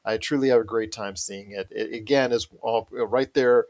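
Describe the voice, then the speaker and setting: A man's voice: lowish voice, steady tone, normal speed, darkish tone. A man hosting a podcast, chatting casually and enthusiastically, often repeating himself. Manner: enthusiastic, repetitive. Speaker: podcast host. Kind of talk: casual chat.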